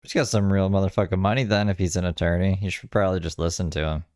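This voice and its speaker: A man's voice: low-pitched, steady tone, quick pace, darkish tone, no echo. A man hosting a reaction show, making sarcastic, teasing remarks about a clip. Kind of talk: casual commentary.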